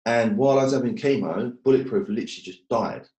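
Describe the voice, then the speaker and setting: A man's voice: medium pitch, fast talker, warm tone, reverberant. A man telling his story as a guest, blunt and swearing often, joking about hard times. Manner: blunt, swears a lot, jokes about hardship. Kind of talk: casual storytelling.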